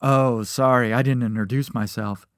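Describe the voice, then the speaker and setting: A man voicing a pushy, cheerful teenage best friend who talks loudly and jokes around. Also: mid-range voice, fairly even intonation, moderate pace, no room sound, studio quality, close to an everyday voice.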